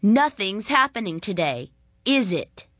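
A woman voicing a cruel young schoolboy in a storybook reading, taunting and shouting. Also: mid-range voice, sing-song, measured pace, no echo, clean studio sound. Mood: jeering. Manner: jeering and shouting. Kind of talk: storybook read-aloud.

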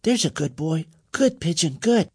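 A man voicing a gentle young boy who coaxes a hurt bird in a soft, raised voice for a storybook reading. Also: high voice, huge pitch swings, fairly quick, breathy edge, no echo, clean studio sound, voice pushed up, exaggerated voice. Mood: soft coaxing. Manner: soft, coaxing.

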